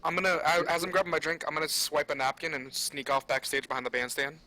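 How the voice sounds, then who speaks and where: A man's voice: a little high, little pitch movement, pushed and bright. A man playing a tabletop game, talking eagerly and swearing freely. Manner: quick, profane, eager. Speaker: player. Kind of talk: casual tabletop game chat.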